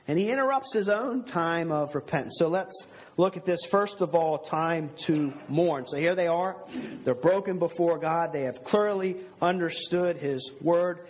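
A man's voice: on the high side, highs cut off, a little hiss or hum. A man preaching a sermon in an earnest, conversational way with rhetorical asides. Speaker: pastor.

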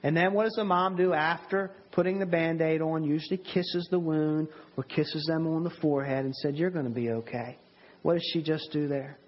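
A husky-voiced man preaches with earnest emphasis, and his voice sits somewhat high for a man. He repeats words and restarts his sentences as he presses each point home. The recording is dull and lo-fi. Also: steady tone, normal speed, few pauses. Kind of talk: sermon.

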